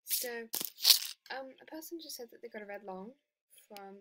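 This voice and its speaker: A woman giving casual commentary over her gameplay, excitable and giggly, often dropping to a whisper. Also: a little high, normal speed, heavy background noise. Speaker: game video creator.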